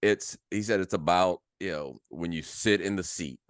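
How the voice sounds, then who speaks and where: Very deep-voiced male radio co-host. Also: normal speed, clear, resonant tone, dry recording, studio quality. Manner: chimes in with short agreeing quips. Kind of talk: casual radio chat.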